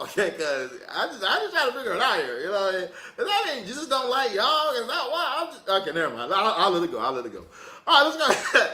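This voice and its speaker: High, lively man joking through a live tarot reading. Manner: laughing, slangy, joking asides. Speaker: tarot reader. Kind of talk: casual livestream chat. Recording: echoey room.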